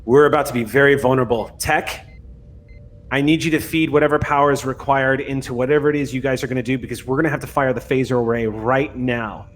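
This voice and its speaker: A man voicing a calm, firm female starship commander in a tabletop game, giving steady orders. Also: mid-range voice, fast, a little hiss or hum, lightly acted. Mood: urgent orders.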